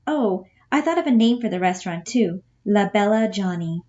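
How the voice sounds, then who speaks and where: A woman reading the part of a simple, eager adult woman, pleading and halting, on a dull lo-fi recording. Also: medium pitch, expressive, warm tone, close to an everyday voice.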